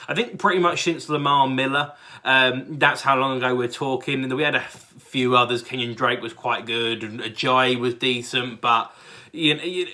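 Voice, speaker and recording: An excitable man from England, speaking British English in a fairly high voice, hosts a sports fan channel reacting casually to football. He rambles, full of fillers and restarts.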